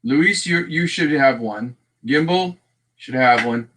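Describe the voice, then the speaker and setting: A man's voice: mid-range voice, lively intonation, slow pace, fairly bright tone, slight background noise. A man with a Texan accent hosting a casual livestream, chatting along and greeting viewers by name as he goes. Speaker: livestream host.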